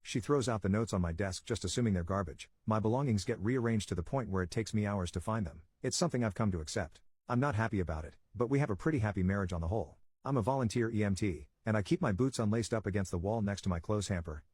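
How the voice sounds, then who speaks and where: A man narrating a reddit story in a quick, steady storytelling delivery. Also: on the low side, husky, no echo.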